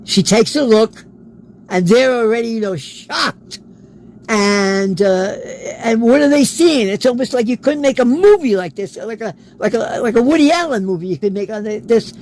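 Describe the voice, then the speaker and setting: A man's voice: extremely high pitch, expressive, normal speed, a little mellow, a little hiss or hum, rough recording. A man, an interview guest, telling a personal story in a casual way and acting out the quoted dialogue. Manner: acts out quoted dialogue in his stories.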